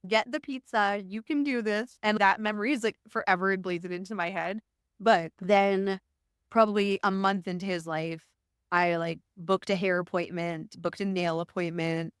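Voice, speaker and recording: A woman guest on a podcast, telling stories in a lively way and acting out what she once said. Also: lowish voice, moderate pace, smooth, no room sound, clean studio sound. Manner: animated storyteller, acts out her own past words. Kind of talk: casual conversation.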